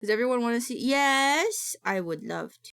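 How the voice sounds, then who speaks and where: A woman's voice: medium pitch, fast, creaky, smooth. A woman streamer in casual live-stream chat, rambling and greeting her viewers by name. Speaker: VTuber streamer.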